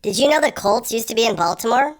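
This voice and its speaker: A chirpy talking map from a comedy cartoon, perky and a bit of a know-it-all, voiced by a man. The voice sits well above a normal speaking pitch. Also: animated, fast talker.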